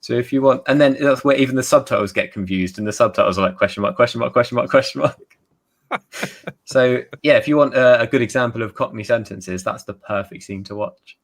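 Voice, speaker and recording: A man's voice: medium pitch, a little fast. A British man, a guest author on a video call, explaining things in a chatty way with examples. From United Kingdom. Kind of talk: casual video chat.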